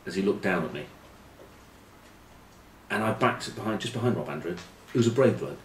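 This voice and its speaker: Middle-aged male pundit, lowish voice, wry storyteller, echoey room. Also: animated, normal speed. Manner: wry, self-mocking, trailing off into quiet asides. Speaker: rugby pundit. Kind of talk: anecdotal storytelling preview. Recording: echoey room with faint ambient noise.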